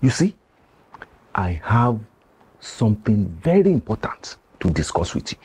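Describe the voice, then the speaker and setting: Brief: a grave older Nigerian village elder, husky, low and unhurried, pleading in proverbs. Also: male voice, sing-song, darkish tone, full character voice. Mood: solemn. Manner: slow, pleading, speaks in proverbs.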